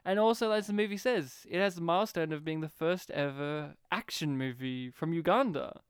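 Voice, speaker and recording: A man co-hosting a casual film-review podcast, talking in an animated way, laughing often and acting out scenes. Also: a little high, moderate pace, clean tone, dry recording, clean studio sound. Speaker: podcast co-host.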